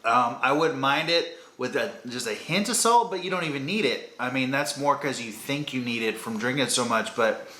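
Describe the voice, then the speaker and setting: A man talks through a beer tasting in a loose, rambling, upbeat way. His voice is bright and forceful, and the room around him rings with a noticeable echo. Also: medium pitch, normal speed. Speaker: beer reviewer. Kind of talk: casual beer-tasting review. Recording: roomy echo.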